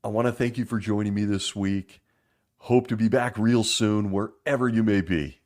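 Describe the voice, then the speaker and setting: A man hosting a casual monologue, making wry sarcastic asides and laughing as he talks, slowing down to stress points. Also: on the low side. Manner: laughs often while talking; lively and animated, slowing down for emphasis. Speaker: podcast host.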